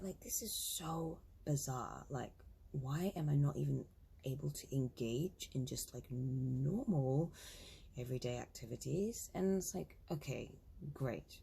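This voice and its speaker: A woman's voice: a bass voice, creaky, mellow, husky. A woman in her thirties telling a story casually, acting out both sides of a conversation. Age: 30s. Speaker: spiritual vlogger.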